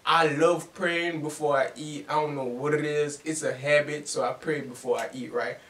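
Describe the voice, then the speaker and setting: A man's voice: on the high side, steady tone, moderate pace, a bit bright. A man hosting a reaction video, swearing loosely and laughing often as he comments. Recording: echoey room, distant mic, noisy.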